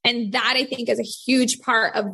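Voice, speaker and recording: Woman in her 30s, parenting coach, casual chat, a bit husky, fairly high voice. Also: level tone, moderate pace, sharp tone. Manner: chatty, many fillers like "like".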